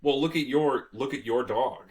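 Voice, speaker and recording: A man hosting a casual history podcast, telling the story in a loose, profane, animated way. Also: medium pitch, moderate pace, slightly rough. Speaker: podcast host.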